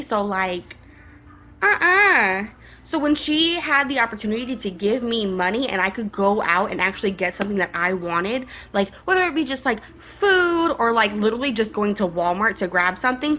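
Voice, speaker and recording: Young woman, storytime vlog, sassy and animated, bright voice. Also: fairly high pitch. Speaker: vlogger.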